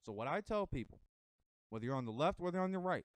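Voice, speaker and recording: A man's voice: a little high, expressive, fast, no room sound. An American man giving a casual motivational monologue to camera, emphatic and a bit rambling. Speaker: vlogger giving motivational talk.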